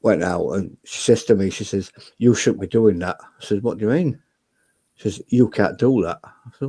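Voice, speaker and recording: A man's voice: lowish voice, normal speed, warm tone, breathy edge, no room sound. A man, bluntly telling stories and swearing freely in casual chat. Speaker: debate show guest.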